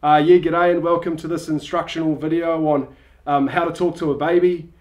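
A man's voice: a little high, level tone, fairly quick, a little mellow, reverberant. A man, a father talking in a joking home video with a dry, mock-instructional manner.

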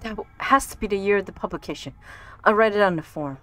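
A woman streamer thinking aloud while playing a game, chatty and given to quick exclamations. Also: mid-range voice, pushed and bright, soft background music. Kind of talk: casual gameplay commentary.

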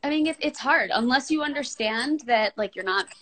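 A woman in her thirties chatting at home on a live video call, talkative and quick to laugh. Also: high-pitched, animated, crowd noise. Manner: chatty and laughing, breaks off to talk to her small children. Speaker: guest on a livestream chat. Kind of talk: casual video-call chat. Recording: noisy video-call audio.

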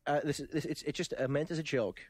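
A man's voice: on the high side, quick pace, a little mellow, no echo. A man co-hosting a gaming podcast, reading news items with frequent laughs and stumbling repeats. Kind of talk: casual podcast chat.

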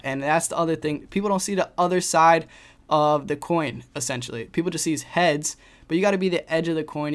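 A man's voice: on the high side, clear, resonant tone. A young man explaining trading risk in a casual screen-share lesson, tossing in "right?" and "you know" a lot. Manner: talks fast with frequent "right?" and "you know" fillers. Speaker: trading educator.

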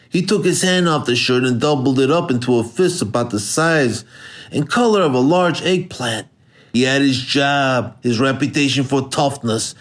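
A man giving steady, measured scripted narration of a hardboiled crime novel. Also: medium pitch. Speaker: audiobook narrator.

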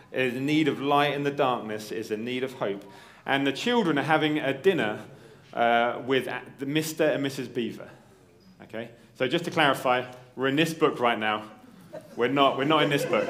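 A man's voice: mid-range voice, fairly bright tone. A man preaching a sermon. He keeps checking in with his listeners. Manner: conversational, checks in with "right?" and "okay?"; reads story passages aloud in character voices.

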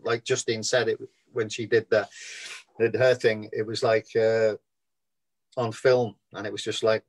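A man's voice: fairly low pitch, level tone, measured pace. A man in his sixties with a Scouse accent, an actor chatting in a casual interview, telling long rambling anecdotes over a video call. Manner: rambling storyteller, acts out quoted voices.

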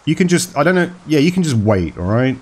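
A man's voice: on the high side, big pitch swings, quick pace. A man chatting playfully as he plays a horror game, talking to its characters and joking along. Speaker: gaming video host. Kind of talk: let's play commentary.

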